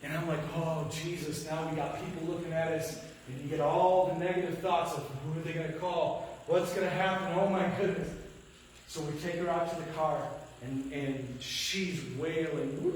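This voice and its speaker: A pastor with a Midwestern American accent preaching a sermon, telling a family story with quoted lines and dropping to a hush at tense moments. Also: male voice, on the high side, steady tone, moderate pace, a little hiss or hum. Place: church sanctuary. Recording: echoey church from a distance.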